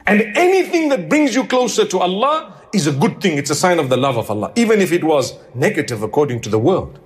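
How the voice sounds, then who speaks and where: Male preacher, sermon delivery, slightly high voice, chatty and pleading, rhetorical questions. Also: very animated, fast. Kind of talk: sermon to a live congregation.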